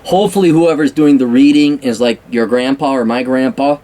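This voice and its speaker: A man talks through a film review in an unscripted, wandering way. His voice sits at an ordinary middle pitch. He stumbles over restarts and drops in profanity and self-mocking remarks as he goes. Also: fairly quick, dark tone. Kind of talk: casual off-the-cuff film review.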